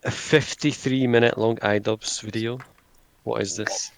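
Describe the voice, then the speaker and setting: A man's voice: medium pitch, steady tone, measured pace. A young man telling dry, joking stories to friends before a tabletop game, heard over a voice call. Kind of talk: casual chat before a game.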